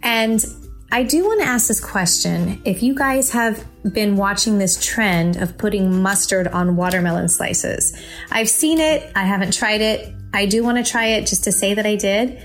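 A woman's voice: mid-range voice, moderate pace, faint music behind. A young adult woman hosting her own podcast, chatting casually and cheerfully as she shares fun facts. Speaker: podcast host. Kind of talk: casual solo podcast chat.

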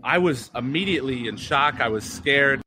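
A man's voice: mid-range voice, lively intonation, normal speed, pushed and bright, slight background noise. A young man telling an earnest, reflective story as a podcast guest. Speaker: guest, former pitcher and mental conditioning coach.

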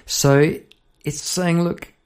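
A man's voice: on the high side, steady tone, extremely slow, a little mellow, clear, resonant tone. A man hosting a solo podcast, musing aloud about song lyrics in a rambling, thinking-aloud way. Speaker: podcast host. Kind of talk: reflective solo talk on songwriting.

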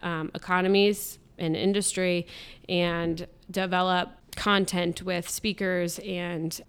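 A woman's voice: on the low side, little pitch movement, slow, smooth. A woman answering interview questions, earnestly explaining her work in civic programs with a few "um" fillers.

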